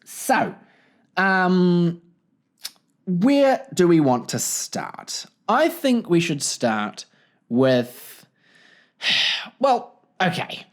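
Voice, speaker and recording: A young man with a New Zealand accent hosting a solo comedic podcast, expressive, animated and self-deprecating. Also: high-pitched, extremely slow, long pauses. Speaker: podcast host.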